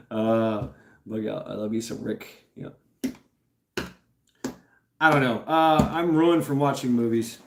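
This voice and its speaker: A man's voice: medium pitch, vocal fry, noisy background. Man, casual livestream host, rambling and laughing, echoey room. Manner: rambling, laughing, swearing, halting with many fillers. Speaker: host reading live chat. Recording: roomy echo.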